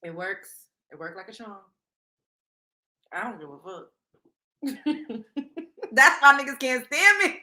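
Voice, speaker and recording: A woman's voice: a little high, very animated, takes it slowly, pauses often, bright, forceful tone. A young adult woman hosting a talk show, giving blunt, profane advice in a casual monologue and laughing often. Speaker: show host.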